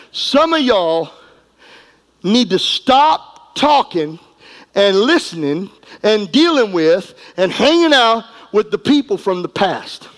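A middle-aged man preaching a sermon, folksy and emphatic, going from quiet asides to shouting. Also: extremely high pitch, rough recording. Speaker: pastor.

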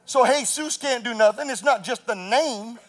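A man preaching a sermon as pastor, rising to shouts and telling stories with laughter. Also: extremely high pitch, normal speed, slight background noise.

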